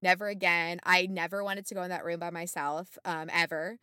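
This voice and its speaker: A woman co-host tells a story in a casual, lively way, full of fillers, and acts out the lines people said. Her voice is bright and clear. The recording is close and dry, with no room sound. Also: lowish voice, a little fast, no echo. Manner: animated, many fillers, acts out quotes. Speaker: podcast co-host.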